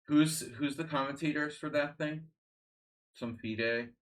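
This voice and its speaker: A man's voice: fairly high pitch, a little slow. A man streaming chess, chatting casually in a rambling, sardonic way, full of restarts and fillers. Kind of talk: casual live-stream chat.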